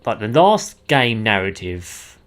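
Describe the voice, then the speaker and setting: A man's voice: lowish voice, sing-song, slow pace, fairly bright tone. A man giving casual let's-play commentary in a chatty, rambling way with frequent laughs. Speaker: gaming streamer.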